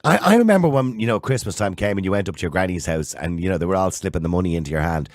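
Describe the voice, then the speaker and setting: A very deep-voiced Irish man in his sixties hosts a call-in radio show. He talks quickly with a lively, swinging delivery, blunt and opinionated. The sound is close and dry, with no room around it. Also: dry recording. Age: 60s. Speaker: radio talk show host. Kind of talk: phone-in radio chat.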